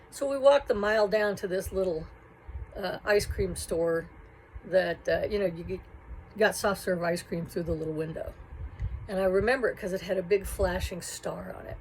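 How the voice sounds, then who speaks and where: A woman telling a personal childhood story in a reflective, halting, emotional way. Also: lowish voice, darkish tone, slight background noise, low-quality recording.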